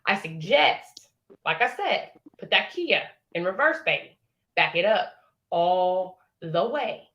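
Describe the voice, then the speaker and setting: Bright, brash woman talking trash. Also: lowish voice, expressive, slow pace, dull audio, slight background noise. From Indiana, United States. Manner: brash, threatening, sassy trash talk. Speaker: livestream caller. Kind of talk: heated livestream confrontation.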